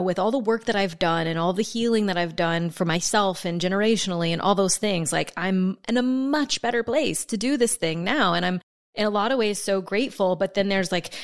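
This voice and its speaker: Frank woman in her thirties hosting a chat. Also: mid-range voice. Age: 30s. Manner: frank and emphatic, swears freely. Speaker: podcast host. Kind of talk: candid conversational chat.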